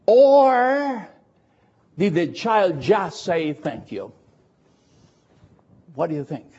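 A man preaching a sermon in English, slow and emphatic, repeating phrases for effect. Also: high voice, a little mellow, lo-fi sound. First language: Spanish.

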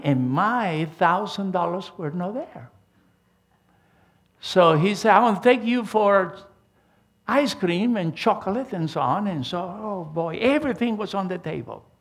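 Older preacher man, gravelly and animated. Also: high-pitched, unhurried, pauses often. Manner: emphatic preaching with a storytelling style, frequent restarts. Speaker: pastor. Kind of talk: sermon.

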